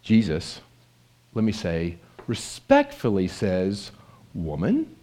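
A man preaches a sermon in a conversational, animated style, frequently putting questions to his listeners. His voice is medium-pitched and measured in pace.

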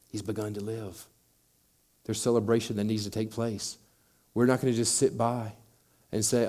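Low, mellow-voiced man preaching. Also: steady tone, normal speed. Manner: preaching with rising intensity and dramatized quotes. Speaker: pastor. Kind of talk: sermon.

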